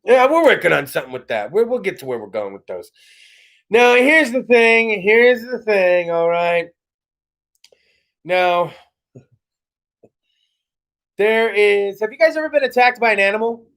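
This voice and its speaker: A man with a notably high voice hosts a live-streamed comedy podcast from home. He rambles and swears freely, breaks into mock voices mid-story and laughs at his own bits. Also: big pitch swings, moderate pace, long pauses, fairly bright tone. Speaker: podcast host. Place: home studio.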